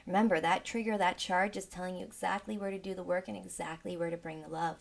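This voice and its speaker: A woman leading a guided sound healing meditation with gentle, soothing, unhurried guidance. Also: on the low side, steady tone, vocal fry. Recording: roomy with a long reverb tail.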